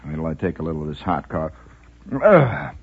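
A man's voice: rumbling low, little pitch movement, very fast, husky. A man hosting a rambling late-night radio monologue, theatrical and mock-grand, talking around a cigar in his mouth. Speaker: radio host. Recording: dull lo-fi old radio recording with faint music.

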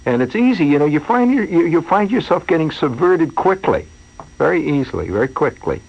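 A man's voice: a little high, big pitch swings, brisk, creaky, slightly rough. A man hosting a radio show, rambling through a wry comic monologue full of asides and digressions. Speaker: radio host. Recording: dull lo-fi radio broadcast.

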